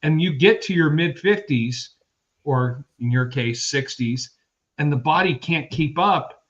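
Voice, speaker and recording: A man's voice: fairly high pitch, a little slow, fairly bright tone, highs cut off. A man in his fifties co-hosting a sports podcast, rambling through personal anecdotes in casual chat. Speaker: podcast co-host.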